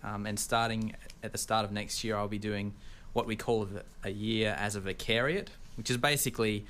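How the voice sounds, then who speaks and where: A young man with an Australian accent, speaking in an earnest, measured way about entering ministry training, with a light sense of humor. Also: fairly low pitch, steady tone, fairly bright tone, slight background noise. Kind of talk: casual interview chat.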